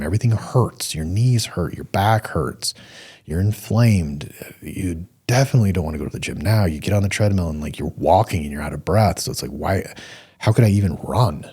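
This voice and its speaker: A man's voice: low-pitched, mellow, slightly rough. A middle-aged man hosting a solo talk show, speaking earnestly in a coaching way and repeating points for emphasis. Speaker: podcast host.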